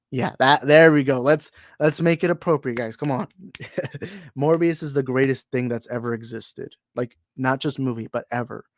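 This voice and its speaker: A young American man hosts a casual movie livestream, reading chat comments aloud and riffing on them at an ordinary middle pitch. He rambles, jokes, loses his place and laughs often. Recorded on a desk mic at his computer, the sound is dry and close with no echo.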